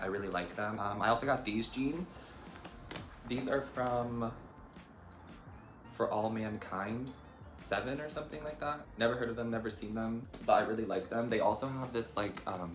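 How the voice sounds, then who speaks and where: A man's voice: lowish voice, fairly bright tone, a little hiss or hum. A young man chatting casually to camera as a lifestyle vlogger, full of trendy slang and "like" fillers. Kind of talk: casual vlog chat. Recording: echoey room with faint background music.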